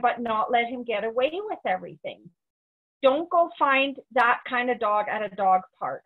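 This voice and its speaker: A woman dog trainer talks through a webinar lesson in a practical, instructive way. Her voice sits fairly high. The audio is thin and phone-like. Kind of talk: webinar teaching.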